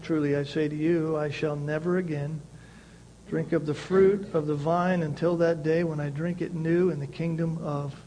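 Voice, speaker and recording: A male pastor preaching a sermon, emphatic and repeating key phrases, with swings between loud passages and quiet ones. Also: a little high, a little hiss or hum, rough recording.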